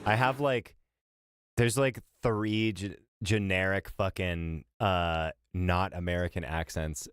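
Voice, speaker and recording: A man chatting on a live stream while reacting to a video, rambling, profane and animated. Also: low-pitched, slow, clean tone, no room sound, studio quality.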